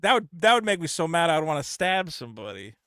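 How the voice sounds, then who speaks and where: A man hosting a call-in show, rambling and swearing, acting out quotes in high voices. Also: sing-song, quick pace, sharp tone, smooth, dry recording, studio quality. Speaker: host. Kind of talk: casual call-in show banter.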